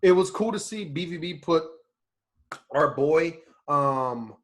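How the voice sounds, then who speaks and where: Man, podcast co-host, casual chat, slangy, animated, slightly high voice. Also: slow. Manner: animated, slangy, acts out quotes with big pitch jumps.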